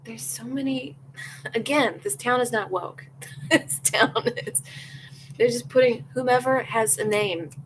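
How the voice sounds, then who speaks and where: Her voice is on the high side and her pace measured, caught on a low-quality recording with a little hiss or hum. She's a young woman hosting a podcast, giving blunt, opinionated reactions to live comments and often performing what others said.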